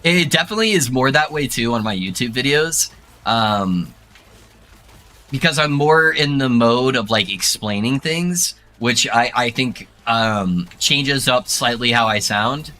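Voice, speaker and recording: Young male streamer, bright soothing voice, casual rambling delivery, mid pitch. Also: measured pace. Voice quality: soothing narrator-like voice. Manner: relaxed, rambling, laughs often. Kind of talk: casual gaming stream chat.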